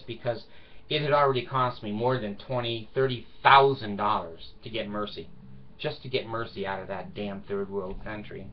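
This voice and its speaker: A man's voice: mid-range voice, lo-fi sound. An older man telling a personal story in a casual vlog monologue, blunt and emphatic, with frequent swearing. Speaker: vlogger.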